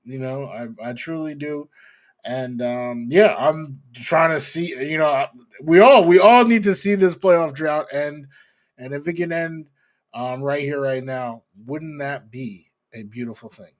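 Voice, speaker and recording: Relaxed young man, slightly higher voice. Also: a little slow. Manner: relaxed, hedging with many fillers. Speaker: podcast host. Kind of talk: casual sports chat.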